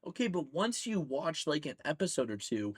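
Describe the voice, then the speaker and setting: A man's voice: a little high, normal speed, breathy edge. A man co-hosting a casual podcast, teasing and telling stories with energy. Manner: teasing, animated storytelling. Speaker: podcast co-host. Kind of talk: casual chat.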